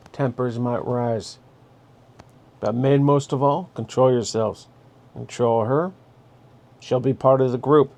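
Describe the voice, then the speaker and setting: A man with a medium-pitched, slightly mellow voice hosts a casual advice monologue. He's blunt and direct, giving orders and telling listeners exactly what to do.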